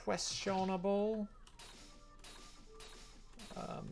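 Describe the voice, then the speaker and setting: A man's voice: fairly low pitch, lively intonation, unhurried, soft background music. A man streaming a game, making playful, wry asides while reading the game's text aloud. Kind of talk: casual live-stream commentary.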